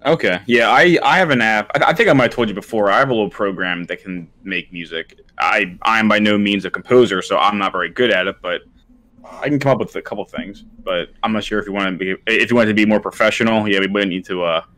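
A man with a somewhat low voice, chatting casually as a podcast co-host. He rambles through his ideas with plenty of restarts and filler words. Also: fast, sharp tone. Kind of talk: casual chat.

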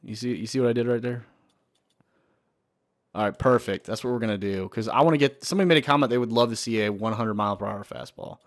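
A man's voice: mid-range voice, quick pace, no echo, studio quality. Young male gaming host, loose and profane, mid-range voice, running commentary at a desk mic. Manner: chatty, swears often, talks to himself and the game. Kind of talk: casual gameplay commentary.

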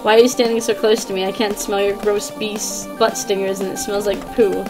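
A woman voicing a whiny, taunting male bully in an indie game, loud and complaining. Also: medium pitch, little pitch movement, fairly quick, music in the background, close to an everyday voice.

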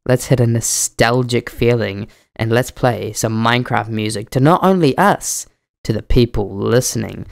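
A man's voice: medium pitch, normal speed, vocal fry. A man hosting a video chat video, joking and playful. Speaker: host. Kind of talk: casual chat.

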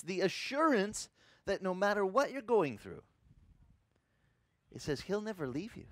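A man's voice: a little high, dry recording. A man preaching a sermon as a pastor, telling stories and asking his congregation questions. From Sicilian family. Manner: animated storytelling preacher, asks the congregation questions.

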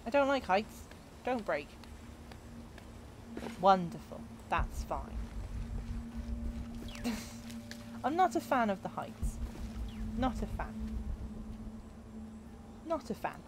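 A woman's voice: mid-range voice, sing-song, takes it slowly, long pauses, noisy background. A woman, chatting and joking to herself while streaming a video game. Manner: chatty, jokey, talking to herself. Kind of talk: casual gameplay commentary.

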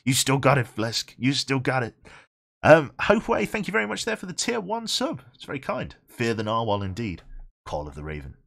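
A man's voice: mid-range voice, wildly swooping pitch, brisk, vocal fry, fairly bright tone. A young man with a Birmingham accent chatting casually with viewers while he streams a game, self-mocking, laughing often and swearing freely. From England. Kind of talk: casual live-stream chat while playing.

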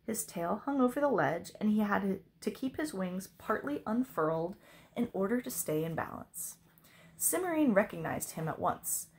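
A woman reading a children's novel aloud, expressive. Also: mid-range voice, moderate pace, creaky. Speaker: reader.

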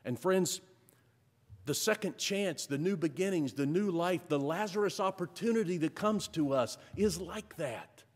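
A male pastor preaching a sermon, building to emphatic repeated phrases and then dropping to a soft close. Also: high-pitched, expressive, measured pace. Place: church sanctuary. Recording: long reverb of a large hall.

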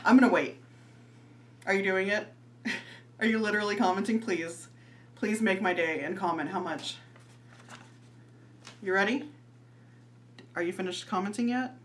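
A woman's voice: medium pitch, normal speed, pauses often, fairly bright tone. Chatty giggly woman with a drawl. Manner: chatty, giggly, talks straight to viewers. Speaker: fashion vlogger. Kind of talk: casual try-on haul chat.

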